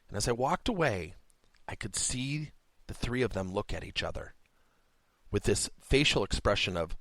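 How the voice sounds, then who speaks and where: A man's voice: fairly low pitch, very animated, moderate pace, a bit bright, no room sound. A man hosting a workplace coaching podcast, telling a story with rhetorical questions.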